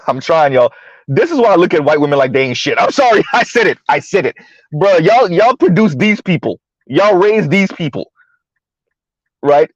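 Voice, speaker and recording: A man's voice: a little high, no room sound, dull audio. Profane man ranting on a live stream. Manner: profane, mocking, laughs while ranting. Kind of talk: live stream commentary rant.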